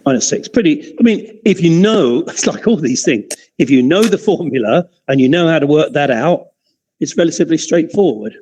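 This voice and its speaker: A man's voice: on the high side, lively intonation, moderate pace, a little mellow, a little hiss or hum, low-quality recording. A man teaching an optics class in an informal, chatty way, often digressing and restarting his sentences. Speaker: optics lecturer.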